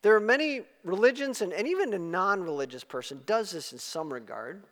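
Male preacher, bright tense tone, emphatic delivery, reverberant church room. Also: sits high, expressive, fairly quick. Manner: emphatic, rising to loud exclamations. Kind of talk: sermon. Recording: long hall reverb.

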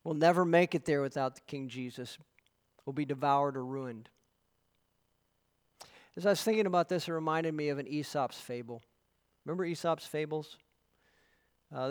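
A pastor preaching with an earnest, emphatic delivery, his voice a touch higher than most men's. He moves between lively storytelling and strong emphasis. A long reverb trails behind him in a church hall. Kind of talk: sermon.

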